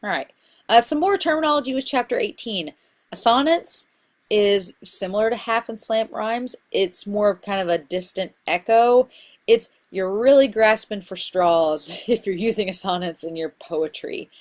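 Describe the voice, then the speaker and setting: A woman instructor giving a casual recorded lecture on poetry terms, explaining in a relaxed, conversational way with fillers. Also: mid-range voice, moderate pace. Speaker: college literature instructor.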